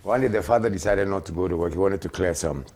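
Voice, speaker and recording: A very deep, gravelly male voice belonging to a radio co-host. He is playful, trading puns and rambling through funny anecdotes at an easy pace. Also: quick pace, darkish tone, a little hiss or hum. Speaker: radio talk show co-host. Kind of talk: casual storytelling chat.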